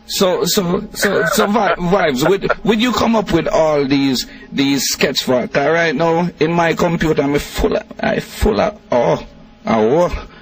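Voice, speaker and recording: A man's voice: a little high, recorded from a distance, low-quality recording. A man hosting a casual radio interview, stumbling and repeating words as he asks questions. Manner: halting, repeats words, laughs often. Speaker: radio host.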